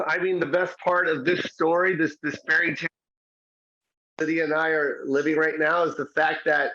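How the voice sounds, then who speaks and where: Bright-voiced man, emphatic, lo-fi. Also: fairly high pitch, level tone, moderate pace. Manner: enthusiastic, emphatic repetition. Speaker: comedian and film star. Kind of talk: casual interview talk. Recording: dull lo-fi audio.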